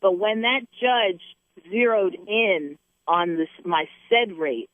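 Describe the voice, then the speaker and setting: A woman's voice: medium pitch, expressive, slow pace. A middle-aged woman hosting a talk show, talking in an emphatic preaching way and repeating words for emphasis. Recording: tinny phone line.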